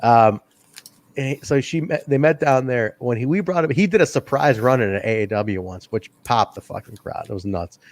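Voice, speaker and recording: A man co-hosting a casual wrestling review podcast, an animated storyteller who laughs often, swears, and acts out quotes in a higher voice. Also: moderate pace, dry recording. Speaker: podcast co-host.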